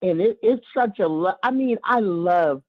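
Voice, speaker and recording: A woman's voice: mid-range voice, lively intonation, unhurried, no echo. Woman caller on a tinny phone line. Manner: heartfelt, with warm asides and repeated words. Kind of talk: casual call-in talk.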